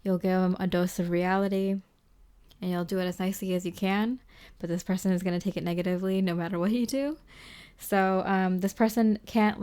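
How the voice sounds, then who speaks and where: A woman giving a tarot reading to the viewer, gentle and reassuring, rambling with lots of fillers. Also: medium pitch, smooth. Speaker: tarot reader. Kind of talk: casual spoken tarot reading.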